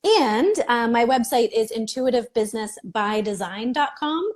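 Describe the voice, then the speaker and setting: A woman guest on a video-call interview, upbeat and clear as she explains how she helps her clients. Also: a little high, animated, normal speed, darkish tone. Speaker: business mentor guest. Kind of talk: casual interview chat.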